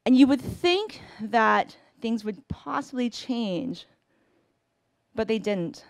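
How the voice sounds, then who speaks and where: A woman's voice: fairly high pitch, animated, creaky, no echo. Woman telling a personal story live. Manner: conversational, with pauses and self-corrections.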